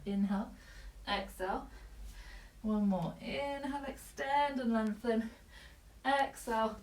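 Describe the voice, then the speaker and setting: A woman yoga teacher guiding a class with calm, breath-paced cues and short commands, slightly out of breath. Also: fairly high pitch. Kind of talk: guided yoga class instruction. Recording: echoey room, voice from a distance.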